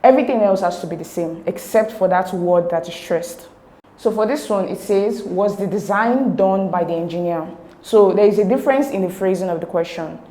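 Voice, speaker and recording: A woman tutor explaining exam answers step by step, slowly breaking words into syllables. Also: mid-range voice, mellow. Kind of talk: explanatory lesson walking through exam answers.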